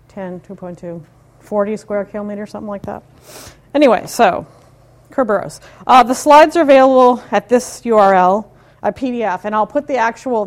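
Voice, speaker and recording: A woman in her fifties, from the United States, giving a live technical talk with a chatty, informal manner, wry asides and questions to the audience. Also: fairly high pitch. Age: 50s. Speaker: conference speaker.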